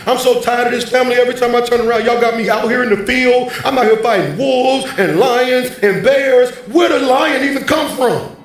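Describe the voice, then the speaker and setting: A man's voice: very high-pitched, brisk, few pauses, pitched above the performer's own voice. A man putting on a fed-up young shepherd. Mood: exasperated. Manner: whiny, exasperated ranting. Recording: very echoey hall, faint music.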